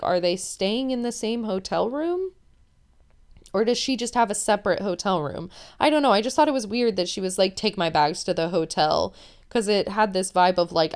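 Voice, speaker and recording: Chatty woman podcaster with a smooth voice. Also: mid-range voice. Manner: chatty, opinionated, many "like"s. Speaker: podcast host. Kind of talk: casual reality TV recap.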